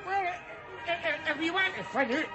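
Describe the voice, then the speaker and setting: Brash Glaswegian loudmouth, high lively voice, pub crowd behind. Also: male voice, moderate pace, music in the background. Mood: mocking. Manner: brash, mocking, shouty. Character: loud scruffy middle-aged Glasgow street philosopher. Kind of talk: sitcom acting.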